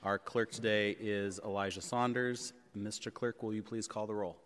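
A man with a lowish voice chairs a public board meeting. He speaks in a measured way, pausing on fillers. His voice rings with the long reverb of a big chamber. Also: fairly even intonation, fairly bright tone, clean tone. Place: large legislative chamber.

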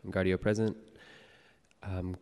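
A man serving as clerk of a public board, calling the roll and reading procedural announcements in a steady, formal way. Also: deep voice, a little slow, slight background noise. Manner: steady, formal, read-aloud delivery. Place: legislative chamber in a city hall. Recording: long reverb of a large hall.

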